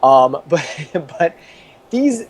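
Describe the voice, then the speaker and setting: A man's voice: fairly high pitch, very animated, drawn-out words, a little hiss or hum. A man in his thirties, an interview guest and former TV producer, telling stories casually with many restarts and chuckles.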